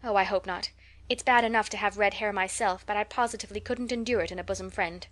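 A woman's voice: medium pitch, steady tone, quick pace, a bit bright, close to an everyday voice. A woman reading an audiobook, voicing a talkative, dreamy eleven-year-old orphan girl who gushes in a breathless, romantic way. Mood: eager.

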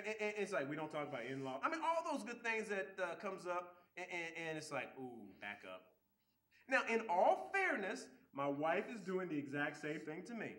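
A man giving a relationship seminar talk, animated, acting out quoted people and often repeating words as he starts sentences. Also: fairly high pitch, echoey room. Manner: acts out quoted people with voice shifts. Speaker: seminar speaker.

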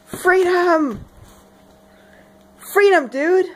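Woman doing a shouty young guy who thinks he's the hero, high-pitched and cocky. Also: extremely slow, exaggerated voice. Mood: boastful. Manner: shouty, cocky, surfer-dude slang. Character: loud brash young American man, self-styled hero.

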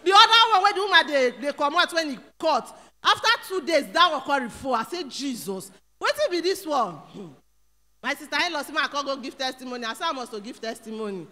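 A woman with a Nigerian Pidgin accent giving an animated testimony in church, acting out quotes and breaking into exclamations. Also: high-pitched, fairly quick, in a large hall. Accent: Nigerian Pidgin English. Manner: storytelling that acts out quotes, rising to exclamations. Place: church hall.

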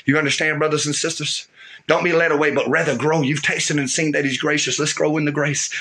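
Fired-up preacher guy, bright tense voice, kinda high, keeps asking "you understand". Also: steady tone, a little fast. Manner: fervent, repetitive, with call-and-response asides. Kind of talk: sermon.

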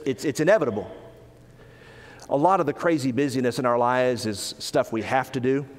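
A man preaching a sermon, earnest, often rising for emphasis and slowing down on key phrases. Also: medium pitch, in a large hall. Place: church sanctuary.

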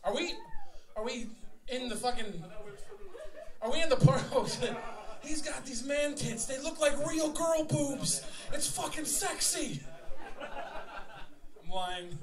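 A young man, a rapper fronting a live show, trading loud, profane, laughing banter with the crowd on a small theater stage. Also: extremely high pitch, animated, takes it slowly, long pauses. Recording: echoey live room, mic heard from far, loud crowd.

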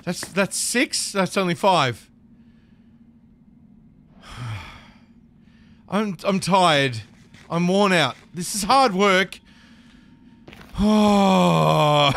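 A man commentating live gameplay, excitable and chattering to the creatures in his game. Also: high-pitched, very slow, vocal fry, pauses often. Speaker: gaming streamer.

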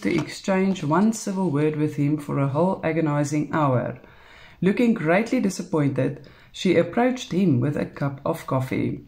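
A woman with a South African English accent, calmly reading a novel aloud, unhurried, with small slips. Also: deep voice, gravelly. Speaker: storybook reader.

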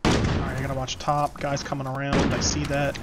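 A game streamer telling a rambling, profane story in casual chat while playing, with quick callouts to the match. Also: medium pitch, monotone, heavy background noise. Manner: gives quick gameplay callouts. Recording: loud game gunfire behind voice. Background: shooter game gunfire and announcer callouts.

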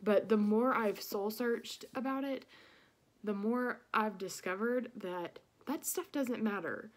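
A woman's voice: mid-range voice, slow. A young woman answering application questions on video in an earnest, nervous way, out of breath as she talks. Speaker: teaching program applicant.

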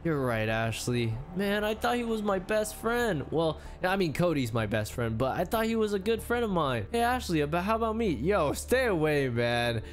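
A man voicing his own character in a game roleplay, excitable and full of quick exclamations. His pitch jumps around a lot, with faint music underneath.

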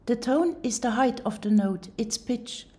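A woman explains a music software tutorial in a calm, step-by-step voice-over. Her voice sits a little high but sounds soft and mellow. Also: unhurried.

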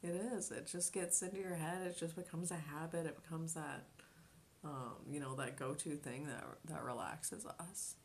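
A woman's voice: sits low, fairly even intonation, normal speed, a little hiss or hum. A woman streamer in casual chat, talking loosely with many ums and likes and laughing often. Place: home kitchen.

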